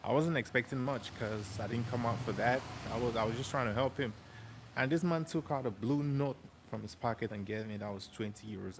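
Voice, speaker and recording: A man vlogging as he walks outdoors through a city neighborhood, telling stories in a relaxed, chatty way with plenty of slang and repeated phrases. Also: medium pitch, a little fast. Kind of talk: casual storytelling walk-and-talk. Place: outdoors on a city street, walking. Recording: street traffic noise behind.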